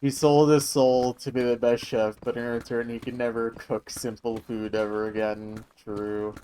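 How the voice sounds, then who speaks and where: A man's voice: medium pitch, flat delivery, normal speed, warm tone, clear, resonant tone, rough recording. Young male streamer; loose, joking live chat with viewers in a middle register. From Michigan, USA. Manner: chatty, joking, answering chat.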